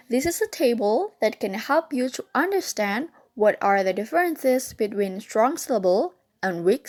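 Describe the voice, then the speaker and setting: A young woman narrating a scripted lesson, carefully sounding out vowels and letters one at a time. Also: a little high. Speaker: teacher.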